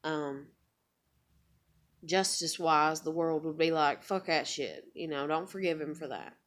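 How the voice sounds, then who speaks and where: A woman's voice: sits low, a little slow. Profane, emotional woman telling her story. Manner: emotional, heavily profane, rambling. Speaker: vlogger. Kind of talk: confessional storytelling vlog.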